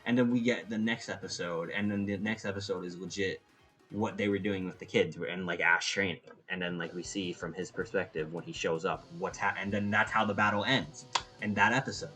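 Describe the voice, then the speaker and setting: A man with a fairly low voice gives a casual, opinionated review. He rambles, breaks off his sentences and starts them again. Faint music plays behind him. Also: a little fast, low-quality recording. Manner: rambling, animated, opinionated, with frequent restarts. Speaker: anime reviewer.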